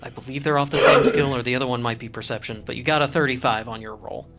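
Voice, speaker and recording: A man's voice: medium pitch, fairly even intonation, fast, over loud music. A man running a tabletop game as game master, thinking aloud about the rules with hesitant restarts.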